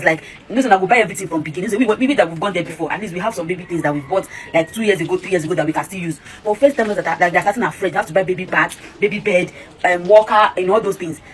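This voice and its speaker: A woman's voice: on the low side, slight background noise. A Nigerian-accented mother chatting casually and complaining about prices in a vlog.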